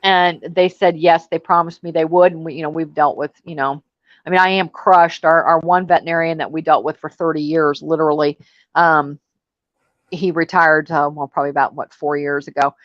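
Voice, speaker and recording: A woman's voice: low voice, steady tone, brisk, dry recording. Woman, casual panel chat host, exasperated storyteller, muffled audio, dry sound.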